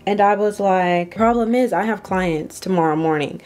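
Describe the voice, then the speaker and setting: A young woman from Ohio telling an animated story while getting ready, acting out what other people said. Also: medium pitch, moderate pace. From Ohio, USA. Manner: animated storytelling, acts out quoted voices. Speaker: makeup artist vlogger.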